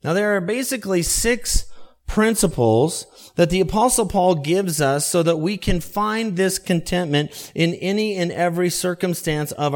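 Earnest male pastor preaching. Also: a little high. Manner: earnest, repetitive emphasis with slowed key phrases. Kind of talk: sermon.

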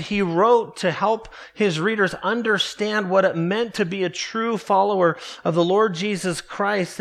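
A man preaching a morning sermon, earnest and emphatic, slowing down to stress key words. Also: high-pitched, a bit bright. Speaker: pastor.

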